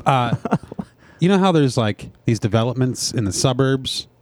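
A man's voice: mid-range voice, lively intonation, measured pace. A man hosting a podcast, telling a rambling story in casual chat. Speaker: podcast host.

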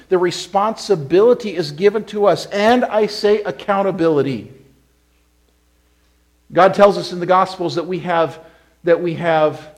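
Male pastor, slightly high voice; interactive sermon that swings from quiet retelling to forceful, repeated emphasis. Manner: interactive, questions the congregation, repeats phrases for emphasis.

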